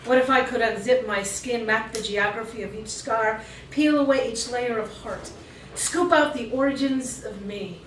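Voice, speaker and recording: Woman doing spoken word at an open mic, kinda high voice, roomy echo, sounds far from the mic. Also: normal speed, a little hiss or hum. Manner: intense, rhythmic performance delivery with chatty asides. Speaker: featured poet. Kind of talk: spoken-word poetry reading. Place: cafe performance space, live audience. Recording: echoey room recorded from a distance.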